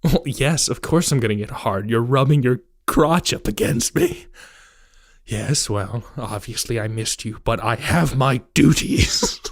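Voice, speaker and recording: A man imitating a stiff medieval guard from an audio drama, speaking softly with awkward, mock-polite hesitation. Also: medium pitch, animated, measured pace, creaky, no echo, pitched below the performer's own voice.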